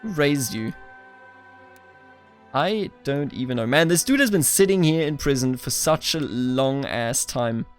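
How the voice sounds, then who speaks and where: A man's voice: mid-range voice, animated, measured pace, smooth, soft background music. A young man giving casual, playful gameplay commentary as the host, chatting back at the characters on screen. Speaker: let's play host.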